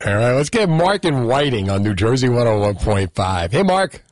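A man's voice: mid-range voice, big pitch swings, normal speed, dry recording. A man hosting a radio call-in show, breezily introducing callers. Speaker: radio host. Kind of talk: radio host patter.

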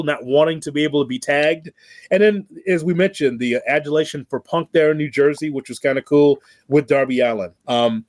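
Lively man in a dry room. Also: on the high side, no echo. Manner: animated storyteller, laughs often, repeats words. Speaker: wrestling podcast co-host. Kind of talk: casual chat.

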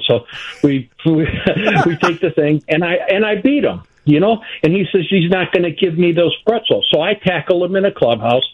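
An older man, a former ballplayer, calls in to a radio show and tells animated stories, laughing often. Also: fairly high pitch, husky. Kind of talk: phone-in radio interview storytelling. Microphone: phone. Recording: tinny phone line.

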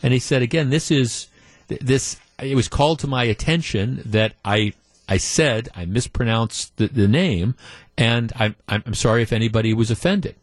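A man's voice: medium pitch, normal speed, dry recording. A man hosting a talk radio show, delivering a conversational monologue with emphatic opinions from a studio mic.

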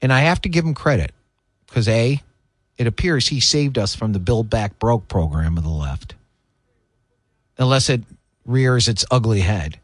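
A man's voice: medium pitch, expressive, measured pace, long pauses, dry recording. A man hosting political talk radio, delivering opinionated commentary in an indignant, emphatic way. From United States.

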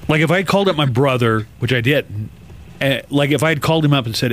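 A man hosting a morning radio show, chatting casually and telling stories with jumps in pitch. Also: expressive, quick pace. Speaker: radio host.

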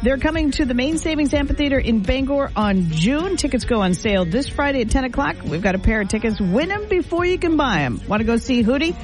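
A female morning-show host talks in loose, giggly banter, her pitch bouncing all over. A faint music bed runs under her voice. She runs a phone-in contest and chats with her co-host. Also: animated, brisk, few pauses. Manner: laughs often, chatty. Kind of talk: casual radio banter.

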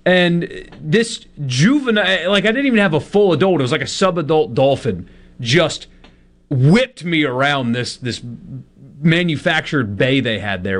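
A man co-hosting a sports radio show, telling stories in a casual, self-deprecating way. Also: on the high side.

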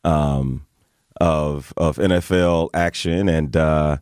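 A man co-hosting a radio morning show in casual chat, easygoing and measured, with frequent filler words. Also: extremely low pitch, steady tone, a little mellow, clear, resonant tone, no room sound, studio quality.

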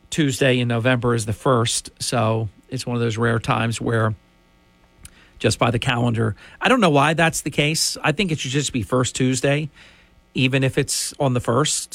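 A man's voice: mid-range voice, a bit bright, dry recording. A man hosting a talk radio show, ranting emphatically and indignantly into a studio microphone.

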